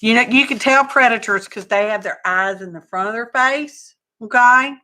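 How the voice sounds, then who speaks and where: Folksy woman, craft livestream host, bright and chatty. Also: a little high, normal speed. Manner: chatty and folksy, greets viewers by name, says y'all. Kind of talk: casual live craft chat.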